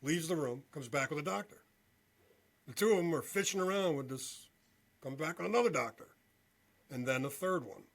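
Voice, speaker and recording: A male veteran and podcast guest telling a story in an animated way, often checking in with "okay?". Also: fairly high pitch, normal speed, vocal fry, pauses often. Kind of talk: storytelling interview.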